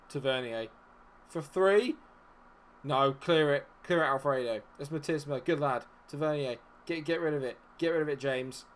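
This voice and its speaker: A young man commentating his own game on stream, muttering tensely and then yelling and swearing. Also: mid-range voice. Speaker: gaming streamer.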